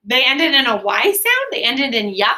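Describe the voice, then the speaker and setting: Woman teacher, classroom spelling lesson, bright tone, slightly high voice, slow clear sounding-out. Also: big pitch swings, a little hiss or hum. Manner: clear, drawn-out word sounding. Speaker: third grade teacher.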